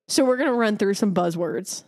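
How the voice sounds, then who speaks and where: Giggly young woman, lively voice. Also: mid-range voice, fairly quick. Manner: giggly, playful, often slips into mock British slang. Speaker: podcast co-host. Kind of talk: casual chat.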